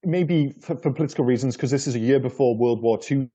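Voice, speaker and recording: Rambling man with a mellow voice. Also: mid-range voice, quick pace, muffled recording. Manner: rambling, repeats words, swears casually. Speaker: podcast co-host. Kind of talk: casual film review chat.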